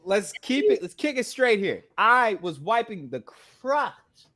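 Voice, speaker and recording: A man's voice: high-pitched, takes it slowly. A male podcast host in loose, easy conversation with a friend. His voice swings widely up and down as he jokes and tells stories, with plenty of slang and playful complaint. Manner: animated, joking, slangy. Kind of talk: casual chat.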